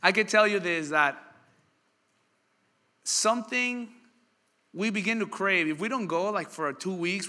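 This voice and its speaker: Male pastor, bright forceful voice, lively storytelling sermon with a long hall reverb. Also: high-pitched, moderate pace, long pauses. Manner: animated storytelling, asks the crowd questions. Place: church hall.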